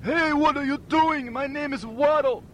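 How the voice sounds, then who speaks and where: A man's voice: very high voice, moderate pace, slight background noise, voice pushed up. A man squawking as a pushy alien junk dealer. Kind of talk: improvised comedy impression.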